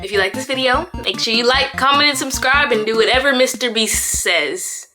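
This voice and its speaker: A young woman chats to her camera in a playful, theatrical way, quick to laugh. Her voice sits a little high. Music plays clearly behind her. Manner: playful, dramatic, bursts into laughter. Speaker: vlogger. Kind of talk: casual vlog chat.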